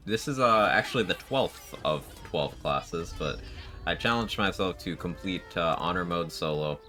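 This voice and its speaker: A man's voice: deep voice, animated, moderate pace, pushed and bright, soft background music. A man streaming a game live, chatting casually in a sleepy, laid-back way, laughing often and swearing now and then. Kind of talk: casual live-stream chat over gameplay.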